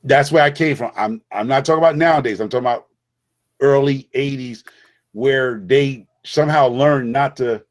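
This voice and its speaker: Guesting in a relaxed chat, a middle-aged Bronx native spins his stories forcefully, repeating himself and restarting often. He speaks at medium pitch and a moderate pace.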